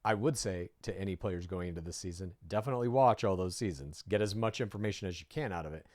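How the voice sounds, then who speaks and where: A man's voice: low-pitched, fast talker, a little mellow, dry recording, studio quality. A man co-hosting a podcast, giving sardonic, analytical commentary on a reality star. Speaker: podcast co-host. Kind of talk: reaction commentary.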